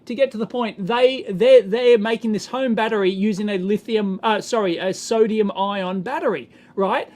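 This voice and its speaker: A man's voice: high-pitched, normal speed, hardly any pauses, darkish tone. Rambling Australian man hosting a livestream. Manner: rambling, exasperated, chuckling, self-interrupting. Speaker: electronics livestream host. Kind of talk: casual livestream chat, answering chat.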